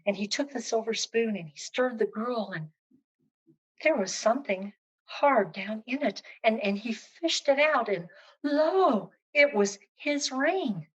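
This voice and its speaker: A woman storyteller recounting a folk tale with expressive, rhythmic phrasing that repeats and builds. Her voice sits fairly high for a woman, moving between hushed passages and livelier ones as she narrates. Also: unhurried, slightly rough, poor audio.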